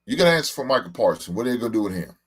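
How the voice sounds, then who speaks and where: Animated, profane man hosting a casual stream. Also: on the low side, racing, breathy edge. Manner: loose, profane, laughing, talks to chat. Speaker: podcast host. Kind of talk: casual live-stream chat.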